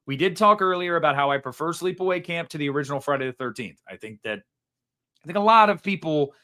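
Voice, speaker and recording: A man's voice: on the high side, lively intonation, brisk, bright, forceful tone. A young man hosting a casual live stream, reading super chats in a rambling, self-mocking way and swearing freely.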